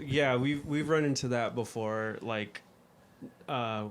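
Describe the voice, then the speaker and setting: A man co-hosting a podcast, chiming in with quick remarks and laughing asides in casual chat. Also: mid-range voice. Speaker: podcast co-host.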